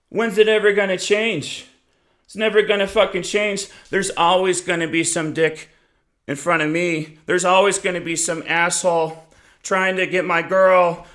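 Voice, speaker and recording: A man's voice: high voice, a bit bright, echoey room. A man delivering an aggressive, profane, grandiose rant straight at his listeners. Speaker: self-styled lecturer. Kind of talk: angry ranting monologue.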